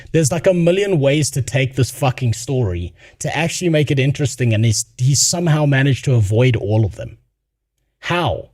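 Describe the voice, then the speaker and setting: Brief: young male streamer, blunt profane rant, dry close sound, mid pitch. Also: darkish tone, dry recording. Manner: blunt, swears a lot, laughs while telling stories. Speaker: streamer reacting to a video.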